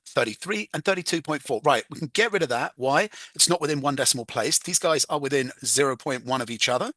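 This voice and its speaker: A man's voice: medium pitch, bright, forceful tone, dry recording. A man talking through an exam question as a chemistry tutor, chatty and self-mocking, humming while he works. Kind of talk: casual exam walkthrough.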